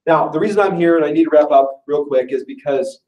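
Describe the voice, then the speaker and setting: A chatty man with a slightly raised voice delivers a joking sales pitch to a room full of people. He is heard from a distance through a room mic, so his voice carries a roomy echo. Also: brisk, a little mellow. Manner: chatty and self-deprecating, with frequent laughs. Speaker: business presenter at an info session. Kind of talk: casual, joking sales pitch to a live audience. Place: meeting room with a live audience.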